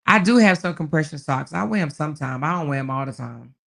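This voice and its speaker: A woman hosts a relaxed live chat and reads out comments from her viewers. She speaks in a folksy, affectionate way and calls people baby, child and honey. Her voice is gravelly and full of fry, and she laughs often as she talks. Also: sits low, quick pace. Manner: laughs often while talking. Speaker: livestream host.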